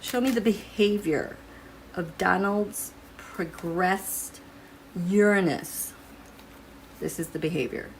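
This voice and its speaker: Slow and lowish, with long pauses, a woman muses her way through a casual tarot and astrology reading for viewers, turning cards as she goes. Slight background noise can be heard.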